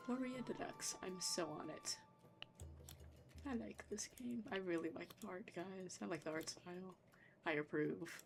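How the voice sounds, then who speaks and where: A woman's voice: on the low side, normal speed, gravelly, faint music behind. Chatty young woman playing a game. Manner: chatty, giggly, self-deprecating. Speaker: game streamer. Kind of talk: casual gameplay commentary.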